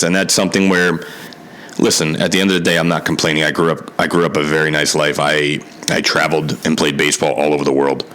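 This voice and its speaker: A man in his thirties from Connecticut hosts a solo podcast, talking openly and earnestly about his life. His voice sits low, yet its tone comes across bright and forceful. He speaks frankly and swears now and then. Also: low-quality recording. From Connecticut, USA. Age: 30s. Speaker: podcast host. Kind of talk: casual solo podcast monologue.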